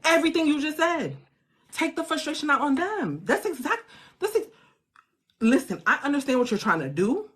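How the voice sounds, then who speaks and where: A woman host giving animated, slangy motivational coaching in a casual chat. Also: high voice, normal speed.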